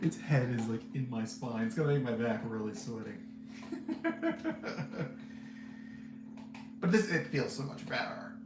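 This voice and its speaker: A man's voice: mid-range voice, brisk, hardly any pauses. A man hosting a podcast, giving casual, candid movie reviews in a rambling way and laughing often. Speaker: podcast host reviewing films. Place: seated indoors. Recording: roomy echo, faint background hum.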